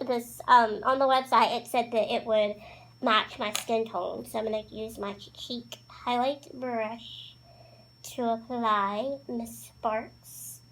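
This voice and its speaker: A woman's voice: fairly high pitch, a bit bright, rough recording. A woman chatting casually through a makeup tutorial, bubbly and gushing about the products. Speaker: beauty vlogger.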